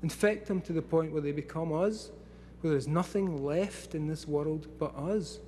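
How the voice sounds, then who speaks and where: Excitable profane Scottish man in his forties. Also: a little high, moderate pace, slight background noise. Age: 40s. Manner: profane, laughing often, excitable. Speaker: speaker at a live event. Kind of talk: rambling talk to a live audience.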